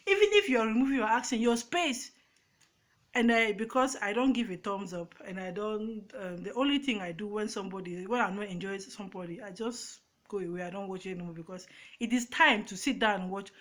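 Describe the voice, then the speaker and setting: A woman's voice: mid-range voice, a bit bright. Emphatic Cameroonian woman ranting to her phone. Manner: emphatic, emotional, halting restarts. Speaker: YouTuber. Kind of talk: casual to-camera rant. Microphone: front phone camera.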